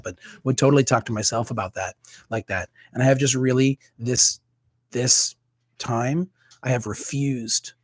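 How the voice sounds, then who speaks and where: A man's voice: medium pitch, fairly bright tone, husky. A man, a priest, talking candidly and casually on a livestream, rambling with many fillers and restarts.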